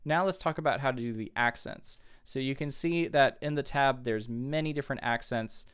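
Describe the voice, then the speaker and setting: A man's voice: mid-range voice, normal speed, a bit bright, clear, resonant tone. A man teaching a guitar riff step by step, patiently explaining and counting along. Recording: guitar music over the voice. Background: guitar playing.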